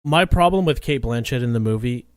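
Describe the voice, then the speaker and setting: A man's voice: mid-range voice, lively intonation, a little fast, no room sound, studio quality. A man co-hosting a movie podcast in casual chat, giving blunt, opinionated takes. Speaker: podcast co-host.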